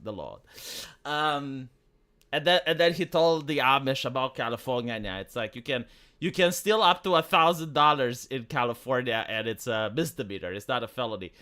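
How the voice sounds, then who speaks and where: A man's voice: medium pitch, a little fast, pushed and bright, smooth. A man from Romania ranting on a livestream, profane and full of restarts and fillers. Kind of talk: casual opinionated livestream rant.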